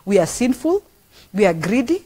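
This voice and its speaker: A woman's voice: medium pitch, very animated, moderate pace, warm tone. A middle-aged woman with a Kenyan accent delivers a sermon. She talks earnestly and with emphasis, and she repeats phrases to drive each point home. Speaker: pastor.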